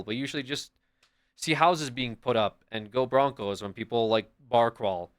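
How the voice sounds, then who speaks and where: A man livestreaming and chatting casually with his viewers in a rambling, profane, animated way. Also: mid-range voice, moderate pace.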